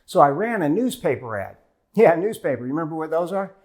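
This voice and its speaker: A middle-aged man with a high-pitched voice delivers a motivational keynote from a stage. He tells his story with energy and plays out each side of the conversations for the audience. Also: a little fast. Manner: animated storyteller acting out conversations. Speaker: keynote speaker. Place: stage before a live audience.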